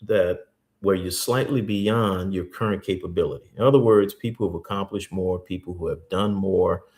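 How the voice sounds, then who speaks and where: Earnest and slow, this male host repeats his key points during a teaching talk, weaving in stories from church life. He has a deep, darkish voice with fairly even intonation.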